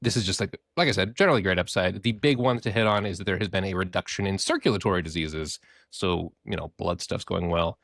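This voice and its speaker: A man's voice: deep voice, fast, vocal fry, a bit bright, no room sound, studio quality. A man co-hosting a podcast in casual chat, talking in a playful, jokey way. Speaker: podcast co-host.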